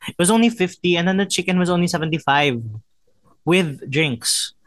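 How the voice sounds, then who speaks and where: A man's voice: high voice, normal speed, a bit bright, no echo. A young man hosting a casual podcast chat, mixing in Tagalog and laughing often. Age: young adult. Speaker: podcast host.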